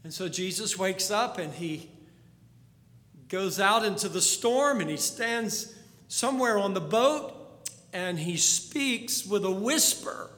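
A man preaching a sermon as a storyteller, dropping to a hush and then rising to urgent pleas. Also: high-pitched, animated, takes it slowly. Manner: storytelling, swings from hushed to urgent. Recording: long hall reverb.

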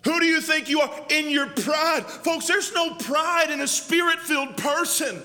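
A young man preaching a fiery, shouting sermon as pastor in a church. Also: very high voice, moderate pace. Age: young adult. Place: church sanctuary. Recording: long church hall reverb.

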